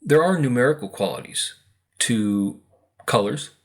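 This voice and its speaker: A man's voice: medium pitch, animated, unhurried. An American man talking casually to camera about spiritual energy, rambling with many fillers and acted-out quotes. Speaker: spiritual video host. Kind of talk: casual monologue.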